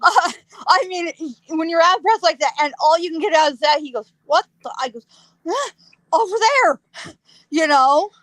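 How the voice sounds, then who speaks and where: A woman, a psychic guest, telling a ghost story in a lively way, laughing often and acting out sounds. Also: very high voice, brisk, no echo, rough recording.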